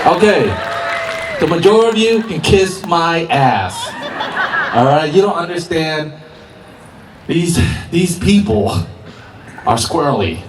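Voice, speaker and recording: A man's voice: a little high, very animated, slow, pauses often, a crowd in the background. A man performing a stand-up comedy set in a park, laughing through his punchlines. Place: outdoor park stage. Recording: roomy open-air sound from far mic with noise.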